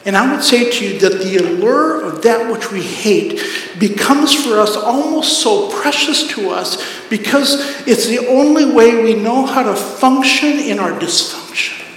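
Male pastor, sermon, earnest emphatic preaching, high voice, very echoey church hall. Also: a little hiss or hum. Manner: earnest preaching, builds to emphatic climaxes then drops soft.

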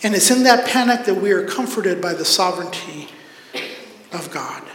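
Preaching in an echoey hall, this pastor reads scripture earnestly and voices both God and the prophet. He speaks at normal speed in an animated, high-sitting voice. The background is noisy.

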